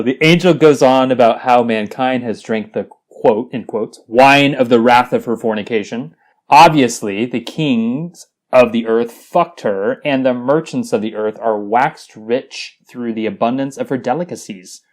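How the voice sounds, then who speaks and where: Man, crude comedic scripture reading, lively swooping voice, laughs often, podcast co-host. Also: medium pitch, unhurried. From Las Vegas.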